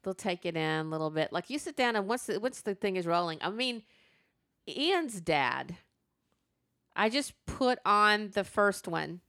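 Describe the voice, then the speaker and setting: A woman's voice: medium pitch, expressive, a little slow, fairly bright tone, no echo, studio quality. A woman hosting a podcast in casual chat, telling stories and acting out what others said. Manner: chatty storyteller, acts out quoted reactions. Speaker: podcast host.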